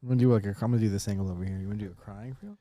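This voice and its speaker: Fast-talking man with a mellow voice. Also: on the low side, steady tone, no room sound, clean studio sound. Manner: soothing, playing along. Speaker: podcast co-host. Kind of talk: casual chat.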